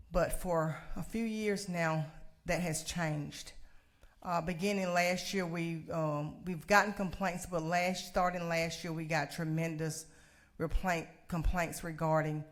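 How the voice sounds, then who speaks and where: A middle-aged woman giving a measured public comment, pausing often to restate her words. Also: low-pitched. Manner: measured, with frequent fillers and restarts.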